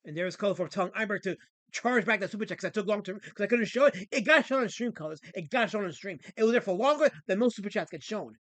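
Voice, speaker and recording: A man hosts a casual livestream and answers viewer comments with sarcastic, mock-offended rants. His voice sits high for a man, and the sound is dry and close. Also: fairly bright tone, no echo. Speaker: livestream host.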